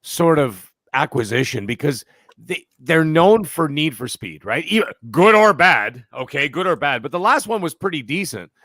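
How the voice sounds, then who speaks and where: A man's voice: fairly high pitch, normal speed, no echo, studio quality. A middle-aged man hosting a gaming podcast, joking and arguing in casual chat. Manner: joking, argumentative, excitable. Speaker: podcast host.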